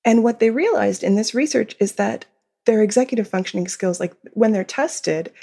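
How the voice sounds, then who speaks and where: A woman's voice: mid-range voice, normal speed, gravelly, mellow. A woman, a behavior consultant, answering interview questions in a podcast and explaining at length, often giggling between points. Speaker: behavior consultant and author, guest.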